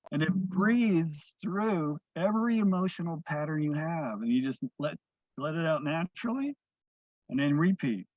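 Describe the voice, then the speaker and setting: A man teaching breathwork, guiding listeners through breaths in a slow, soothing way that often trails off softly. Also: a little high, no room sound. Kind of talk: guided breathing instruction. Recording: dull, lo-fi dry sound.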